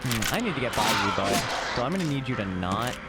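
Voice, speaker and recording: A man's voice: medium pitch, very animated, fast talker, loud music behind the voice. A man streaming live, talking through a game with wry, dry asides to his chat. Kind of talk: live gameplay commentary.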